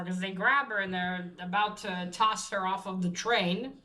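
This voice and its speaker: Woman, casual comic recap, bright voice, rambling, filler words, restarts. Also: mid-range voice, measured pace. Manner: rambling, many fillers and restarts, swears when frustrated. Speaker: comic reviewer.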